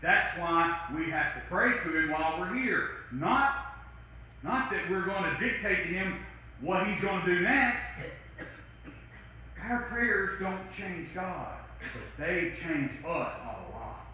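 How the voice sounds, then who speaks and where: Male pastor, conversational sermon delivery, sharp bright tone, recorded in a booming room. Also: animated, slow, heavy reverb, a little hiss or hum. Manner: conversational preaching with wide swings in loudness and pitch. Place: church sanctuary.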